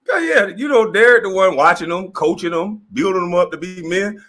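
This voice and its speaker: Here the ex-basketball player in his forties sounds high and a bit bright, talking fairly quickly with lively intonation. He keeps up the profane, mocking rant, chuckling while he speaks and playing out the voices of people he quotes.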